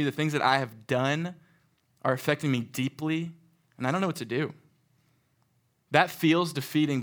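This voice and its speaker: A young man giving a sermon to a live audience in a room, talking in a casual, animated way and acting out stories. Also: mid-range voice. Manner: animated, conversational, acts out stories. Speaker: youth speaker.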